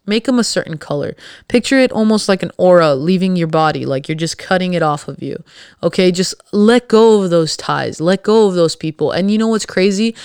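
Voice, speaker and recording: Woman, solo podcast host, sassy and blunt with sarcastic wit; smooth, clean voice, dry close recording. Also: lowish voice, dry recording. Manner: sarcastic, witty.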